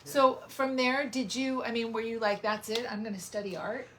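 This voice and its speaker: A woman's voice: fairly high pitch, steady tone, moderate pace, fairly bright tone. Cheerful woman doing a casual interview, laughs a lot, faint background hiss. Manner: upbeat, laughs easily. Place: small home studio.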